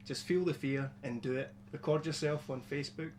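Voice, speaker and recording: A man's voice: a little high, fairly even intonation, fairly quick, darkish tone, slight background noise. A man guest on a radio interview, talking in an upbeat, encouraging way. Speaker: guest performer. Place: radio studio.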